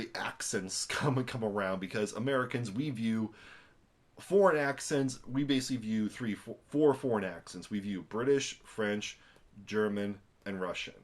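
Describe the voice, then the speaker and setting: A young man giving a casual spoken film review, rambling and animated, with many fillers and restarts. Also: fairly low pitch.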